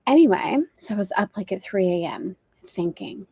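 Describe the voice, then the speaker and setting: A woman's voice: mid-range voice, expressive, moderate pace, darkish tone, husky, no room sound. A woman teaches a spiritual lesson on a live stream from a boat at anchor. She is chatty and thoughtful and laughs easily. Her voice sits in a middle range and is recorded dry and close. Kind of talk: casual livestream teaching. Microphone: external mic on a live video stream.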